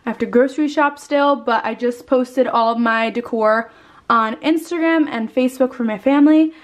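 A woman's voice: on the high side, moderate pace. A young woman vlogging at home in a casual, rambling, chatty way, sounding tired and a little out of breath, with casual swearing. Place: at home indoors.

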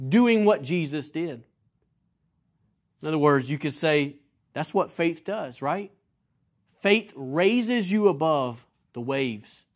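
A man with a high-pitched voice preaching to his congregation. He swells to emphatic peaks and repeats key phrases, then drops his line endings to a quiet, low close. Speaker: pastor. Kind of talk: sermon.

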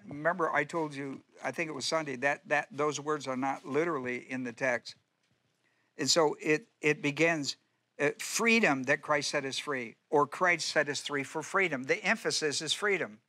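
A middle-aged man delivers a sermon in the loose, conversational way of a Bible-study teacher. His voice sits a little high and sounds bright and forceful. He often repeats and restarts his phrases and poses rhetorical questions to his listeners. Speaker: pastor.

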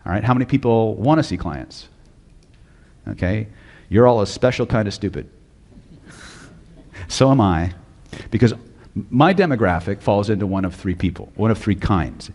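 A man's voice: on the low side, expressive, normal speed, long pauses, a little mellow, big-room sound. A man teaching hypnosis at a live seminar, blunt and profane, often quizzing the audience. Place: lecture hall with audience.

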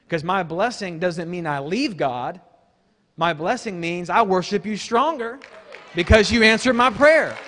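A man giving a sermon as guest preacher, emphatic and conversational, swinging from casual asides up to shouts. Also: sits high. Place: church hall. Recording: long church hall reverb.

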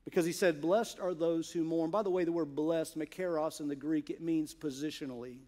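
A male pastor preaching a sermon in church, earnest, moving from hushed asides to emphatic, stressed points. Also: fairly high pitch, fairly even intonation, brisk.

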